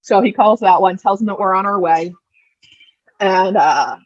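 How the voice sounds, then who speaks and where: A woman in her thirties, a podcast guest telling her birth story casually, with lively delivery and quick repeated words. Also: medium pitch, no room sound. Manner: animated, repeats words when rushing, acts out quoted dialogue. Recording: dull lo-fi dry sound.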